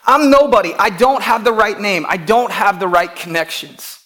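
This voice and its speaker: This is an anxious young man, pleading and doubting himself, his voice pitched up high and pushed louder, as a preacher puts him on. He sounds strained and insistent as he protests that he is nobody. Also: moderate pace. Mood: protesting.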